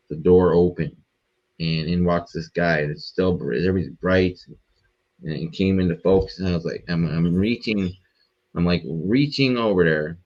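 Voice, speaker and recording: Deep-voiced man telling a rambling story. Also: dull audio. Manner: profane, rambling and animated. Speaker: podcast guest. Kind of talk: casual storytelling.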